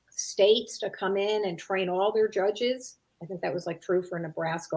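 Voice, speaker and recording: A middle-aged woman with a mid-range voice responds to an interview question as an expert guest. She speaks reflectively and conversationally, playing out parents' lines as examples and using "you know" and "like" a lot.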